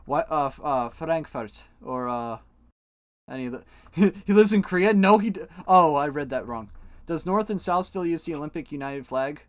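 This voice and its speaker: A man's voice: fairly high pitch, lively intonation, normal speed, clean tone, dry recording. A young man streaming, chatting casually to his viewers while coloring flags, rambling, joking and swearing freely. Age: young adult. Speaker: live streamer.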